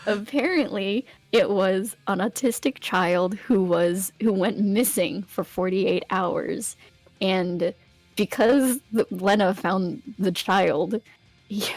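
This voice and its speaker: A woman's voice: medium pitch, slow, no echo, faint music behind. A woman guest telling a long, rambling story in casual conversation, with frequent restarts and giggles. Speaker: interview guest.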